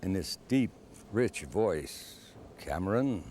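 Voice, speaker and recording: Older man, lowish voice, halting anecdote, self-mocking, faint background hum. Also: animated, darkish tone. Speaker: actor telling an anecdote. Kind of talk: casual storytelling.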